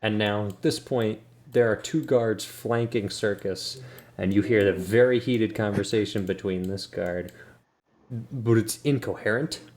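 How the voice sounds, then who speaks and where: A man's voice: lowish voice, measured pace, darkish tone. A young man narrating as game master, casual and hesitant with many ums.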